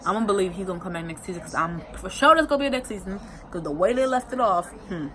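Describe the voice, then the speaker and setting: Woman vlogger, mid-pitched, chatty and emotional, rambles and repeats lines in a loose colloquial way. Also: racing, rough recording. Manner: colloquial, expressive. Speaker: vlogger recapping a TV season. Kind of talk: casual emotional recap.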